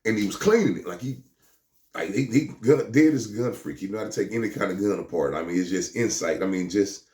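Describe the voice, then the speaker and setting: A man's voice: on the low side, brisk, darkish tone, echoey room. A man telling a first-person street story in casual slang, often restarting his words and acting out what others said. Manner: stammering restarts, slangy, acts out the voices of others.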